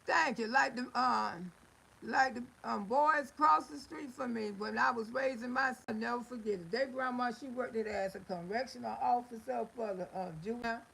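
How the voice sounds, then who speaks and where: A middle-aged woman talks straight into her phone during a livestream. Her voice sits high and carries a gravelly edge. She scolds her viewers in a folksy way and drifts into stories. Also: normal speed, fairly bright tone, rough recording. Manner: folksy, scolding, storytelling with laughs and exclamations. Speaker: livestream host. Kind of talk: casual livestream talk to viewers.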